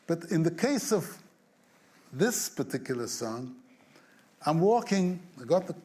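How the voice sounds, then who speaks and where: Animated male storyteller, higher voice. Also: unhurried, breathy edge. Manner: animated storyteller who acts out scenes and hums tunes; chuckles through his stories. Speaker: songwriter being interviewed. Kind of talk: storytelling anecdote.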